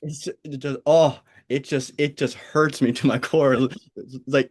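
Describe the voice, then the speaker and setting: An American man with a flat Pennsylvania-Oregon accent, hosting a podcast in casual, halting chat with frequent restarts and laughs. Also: mid-range voice. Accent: General American. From United States (Pennsylvania, Oregon). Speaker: podcast host.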